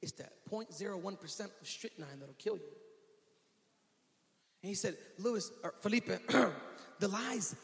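A male pastor preaching a sermon with energy, rising to shouts and falling to quiet asides. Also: sits high, measured pace, gravelly, long pauses. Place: church sanctuary. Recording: long hall reverb.

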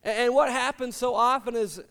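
A middle-aged male pastor with a high, smooth voice preaches to his congregation. He tells stories with humor and acts out each character's lines, and his voice carries a long reverb through the hall. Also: fairly even intonation, moderate pace, a bit bright. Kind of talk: sermon.

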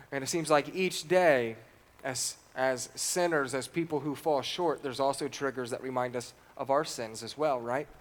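A man preaching a sermon, reading scripture aloud and putting questions to the congregation. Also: medium pitch.

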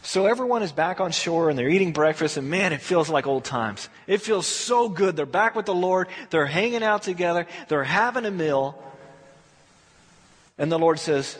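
A man with a high, slightly husky voice delivers a relaxed, story-driven sermon. He slips into quick voices for the people in his account. His words trail off into a long, echoing church reverb. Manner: conversational storytelling, acts out quotes. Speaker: pastor.

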